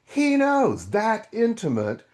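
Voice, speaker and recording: A man's voice: sits high, slow. A man in his sixties, a guest author animatedly telling a story in a podcast interview. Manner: animated storytelling with quoted dialogue.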